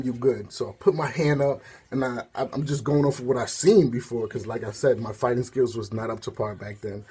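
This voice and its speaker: Guy with a husky mellow voice rambling thru a story time, lots of "like" and "you know". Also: medium pitch. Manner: rambling, filler-heavy storytelling with asides. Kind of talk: casual storytelling.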